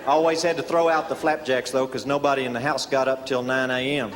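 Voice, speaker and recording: Male comic, folksy deadpan tall-tale teller, reverberant live venue with crowd noise. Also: mid-range voice, quick pace. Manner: deadpan folksy storyteller with filler "uh"s. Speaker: stand-up comedian. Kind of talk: drawling tall-tale stand-up storytelling. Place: live comedy stage before an audience. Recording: reverberant live hall, audience laughter.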